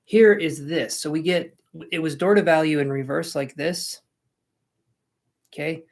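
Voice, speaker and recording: A man's voice: on the high side, measured pace. A man giving live-stream tarot readings, chatty and rambling, making jokes at his own expense. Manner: rambling, self-mocking, chatty. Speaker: tarot reader.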